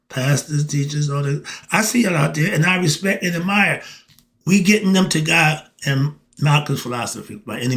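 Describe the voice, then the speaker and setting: A man's voice: a little high, fairly bright tone. A man giving a casual spiritual monologue to camera, preachy and colloquial, asking and answering his own rhetorical questions. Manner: colloquial, often cuts himself off with 'moving on'. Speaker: self-styled philosophy teacher.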